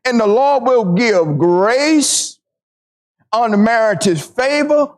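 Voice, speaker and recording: High-voiced man preaching a sermon. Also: animated. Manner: emphatic, repeating phrases, slowing down to stress scripture.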